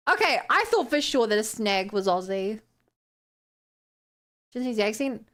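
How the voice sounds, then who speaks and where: A woman's voice: a little high, big pitch swings, a little slow, long pauses, a bit bright. A young woman with a New Zealand accent, chatting casually with her stream audience in a playful, incredulous way. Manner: playful, exclaims in disbelief, laughs. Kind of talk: casual stream chat, reading chat.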